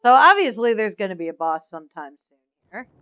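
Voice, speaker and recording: A woman hosting a let's play, giving loud commentary full of exclamations and frustrated swearing. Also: medium pitch, sing-song, fairly quick, clean tone, dull audio. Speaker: gaming channel host. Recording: game music under the voice. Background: game music.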